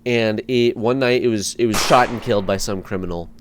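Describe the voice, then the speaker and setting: A young man doing stand-up, deadpan with sudden loud outbursts and repeated word stumbles. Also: lowish voice, brisk, a little hiss or hum. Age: young adult. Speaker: comedian and street interviewer. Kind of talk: stand-up comedy.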